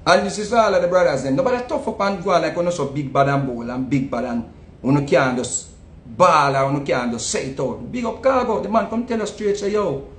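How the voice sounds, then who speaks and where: A man with a Jamaican accent giving a casual, animated commentary, often repeating words and swinging between loud outbursts and low asides. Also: brisk. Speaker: online commentator. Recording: echoey room with faint rumble.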